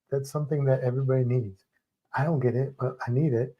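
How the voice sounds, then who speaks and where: Mellow-voiced man chatting on a livestream. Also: medium pitch, quick pace. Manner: rambling, self-interrupting, animated storytelling. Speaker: livestream co-host. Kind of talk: casual chat with viewers.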